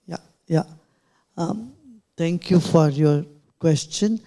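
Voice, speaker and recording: A man's voice: a little high, takes it slowly, mellow. A man with an Indian English accent answering questions at a press club in short, earnest phrases. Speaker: guest speaker, spiritual leader.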